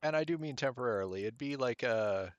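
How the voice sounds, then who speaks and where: A man streaming a game, chatting casually and rambling as he thinks out loud. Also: medium pitch, animated, fairly quick, dry recording, dull audio. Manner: mutters at the game.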